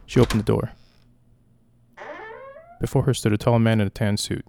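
A man narrating a dark short story in a flat, steady way. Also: fairly low pitch, normal speed, creaky, a little hiss or hum. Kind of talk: story reading.

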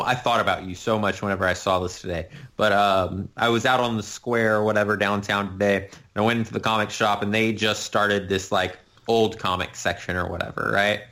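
A man co-hosting a casual chat, relaxed and anecdotal. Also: lowish voice.

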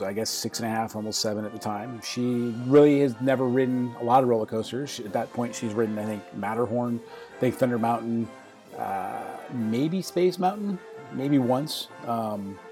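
A man in his forties, co-hosting a podcast, tells a family story in casual chat. His voice sits at an ordinary middle pitch, and he stumbles and repeats words as he talks. Faint music plays behind him. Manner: halting, repeats words, warm laughter. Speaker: podcast co-host.

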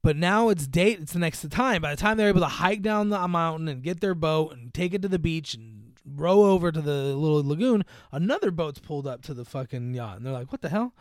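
A man with a fairly high, smooth and clear voice talks through a film plot in loose, rambling chat. He swears freely and leans on filler words. The recording is close and dry, with no room sound. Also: animated, fairly quick, few pauses, no room sound. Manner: rambling, swears freely, acts out quoted lines. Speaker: podcast host recapping a movie. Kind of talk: casual profane chat.

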